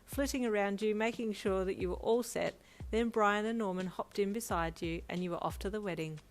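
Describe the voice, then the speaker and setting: A woman narrating second-person fanfiction in an expressive storytelling manner. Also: medium pitch, brisk.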